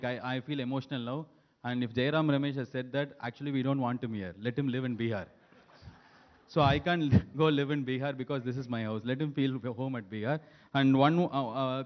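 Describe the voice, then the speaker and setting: A man's voice: medium pitch, lo-fi sound. A man from South India, giving a joking, rambling panel answer. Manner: rapid, jokey, rambling.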